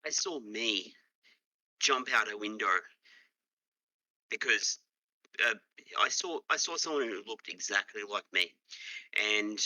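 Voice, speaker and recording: An eager man chats as a player in a tabletop game, stumbling over his words. His voice is very bright and forceful, with a dry, close sound. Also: on the low side, lively intonation, a little slow, pauses often, no echo, rough recording. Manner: eager, stammers and restarts. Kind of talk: casual tabletop game chat.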